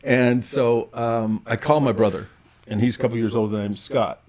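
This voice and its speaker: A middle-aged man, a podcast guest, telling lively anecdotes in casual conversation and often restarting his sentences. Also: mid-range voice, brisk. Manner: animated anecdotal storyteller with frequent restarts. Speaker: podcast guest, actor and writer. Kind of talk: casual storytelling interview.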